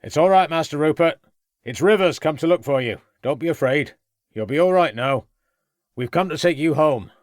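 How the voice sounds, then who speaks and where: A man's voice: a little high, lively intonation, moderate pace, dry recording, studio quality, voice pushed up, natural voice. A man voicing a kindly gamekeeper who calls out in a coaxing way, in an audiobook. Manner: calling out, coaxing.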